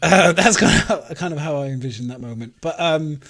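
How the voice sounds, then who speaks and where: Rambling London man, slightly high voice. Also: brisk, a bit bright. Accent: London English. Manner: rambling, acts out imagined remarks with laughs. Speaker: podcast host. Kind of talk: casual chat.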